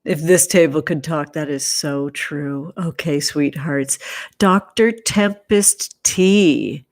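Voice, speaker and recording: A woman hosting a casual livestream, warmly greeting viewers one by one and calling them honey and sweetie. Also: deep voice, slow, no echo, studio quality.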